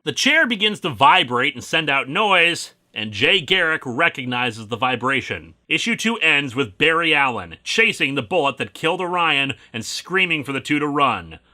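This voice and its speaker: A man narrates a comic book review with a steady stream of wry, sarcastic asides. His voice is strikingly bright and sharp, sitting a little high, and it moves around animatedly. He has the relaxed, practiced flow of a regular host. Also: normal speed, few pauses.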